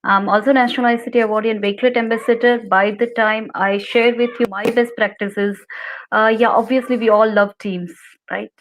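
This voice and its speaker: A woman's voice: a little high, steady tone, fairly quick, poor audio. A woman from India, an ICT teacher, walking viewers through a screen-share tutorial step by step over a video call. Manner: clear, step-by-step instructing.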